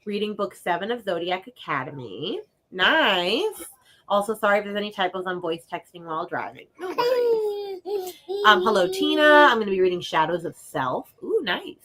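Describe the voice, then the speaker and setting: A woman's voice: mid-range voice, crowd noise. A woman co-hosting a livestream, chatting casually and reading viewer messages aloud, bubbly and giggly. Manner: bubbly, giggly, talks fast and animated. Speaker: livestream co-host.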